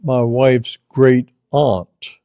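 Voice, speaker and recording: Man, storyteller, very slow, deliberate, repeats phrases, mellow, dry close sound. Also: mid-range voice, steady tone, no echo. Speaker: storyteller host. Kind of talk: casual spoken storytelling.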